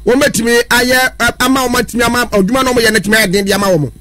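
A man's voice: extremely high pitch, steady tone, rapid-fire, a bit bright, no room sound, faint music behind. A man hosting a talk show, prompting his guest and restating points as questions.

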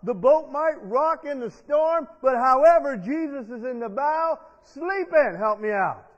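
Male pastor with a very high pitch, preaching call-and-response, recorded muffled in a reverberant sanctuary. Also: lively intonation, a little slow. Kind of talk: sermon. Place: church sanctuary. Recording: dull long-reverb church sound.

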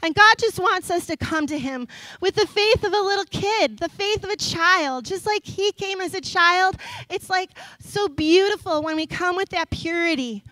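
Kids' pastor, young woman, bright high voice, close dry sound, warm animated storytelling sermon. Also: normal speed, dry recording, low-quality recording. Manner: animated storytelling, laughs often. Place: church stage.

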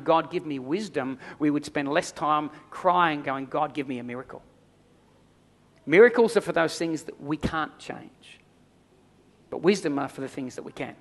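A man's voice: on the high side, a bit bright. A middle-aged man preaching a sermon as pastor, emphatic, with repeated phrases and prayerful asides.

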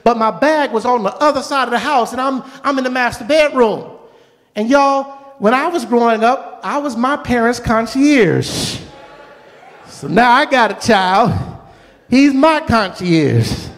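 A man's voice: very high voice, lively intonation, unhurried. A middle-aged man preaching a storytelling sermon with a folksy, repetitive cadence. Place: church sanctuary. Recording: long church hall reverb.

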